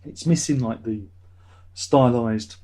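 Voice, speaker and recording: Taking his time, a vlogger with a mellow, mid-range voice wanders through a relaxed chat on his own channel, swearing casually along the way.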